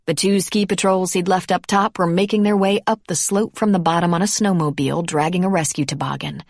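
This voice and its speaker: A woman narrates a romance audiobook in a measured, scripted way. Her voice is low for a woman, and the recording is dry and close. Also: fairly even intonation, gravelly, no room sound.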